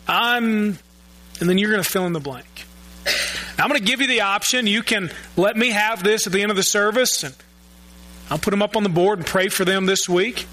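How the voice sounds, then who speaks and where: Male pastor, high bright voice, earnest sermon, stumbles over repeated words. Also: a little fast, low-quality recording. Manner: earnest, repeats words while searching for phrasing. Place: church sanctuary.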